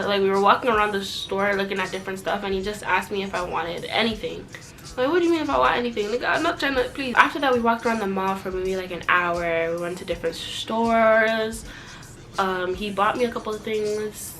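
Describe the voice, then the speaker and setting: A young woman telling a storytime vlog in casual chat, sarcastic and animated, shooting up in pitch when outraged and dropping low and quiet for asides. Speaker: vlogger.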